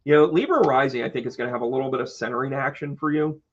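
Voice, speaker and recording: A man's voice: mid-range voice, fairly even intonation, racing, muffled recording. A man hosting an astrology live stream, chatty and joking, talking to his viewers by name. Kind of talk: casual live stream chat.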